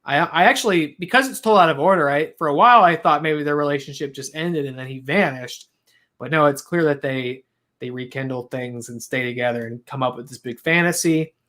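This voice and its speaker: Bright-voiced man chatting casually. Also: on the high side, fairly quick. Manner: rambling, self-interrupting, laughs at his own attempts at accents. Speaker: podcast co-host. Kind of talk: casual chat.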